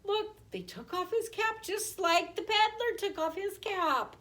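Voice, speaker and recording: A woman preschool teacher reading a picture book aloud in an animated way, often asking the children questions. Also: very high voice, unhurried. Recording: voice distant from the mic.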